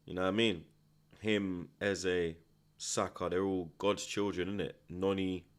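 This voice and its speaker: A man with a London accent hosting a football watchalong, slangy and teasing, flaring up excitedly at the action from home. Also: sits low, measured pace, smooth. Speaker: host. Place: at home indoors.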